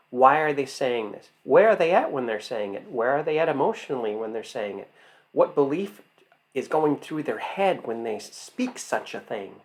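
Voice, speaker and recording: A man teaching as an acting coach, emphatic, asking rhetorical questions and answering them himself. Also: medium pitch. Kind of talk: instructional talk to camera.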